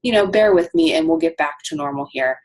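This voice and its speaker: A woman's voice: deep voice, a little fast, darkish tone. A woman coaching her team on a casual call, chatty with lots of ums and asides.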